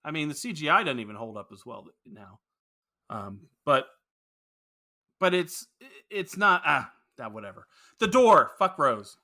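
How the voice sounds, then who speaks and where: A man with a bright, ringing tone and a pitch that leaps up and down as he argues his take. He talks like a podcast co-host in loose, opinionated chat and swears without a second thought. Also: a little slow. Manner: animated, opinionated, swears freely. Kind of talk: casual movie review chat.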